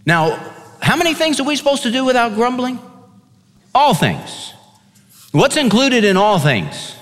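Animated preacher man in a big hall. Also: measured pace. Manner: animated, swings pitch and pace, acts out whiny kids. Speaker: pastor. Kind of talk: radio sermon.

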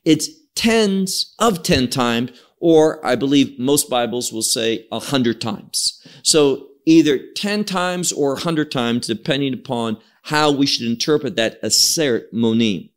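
A man's voice: medium pitch, lively intonation, measured pace, hardly any pauses. A man teaching an evening Bible study, reading verses aloud, quoting Hebrew words and restarting his phrases.

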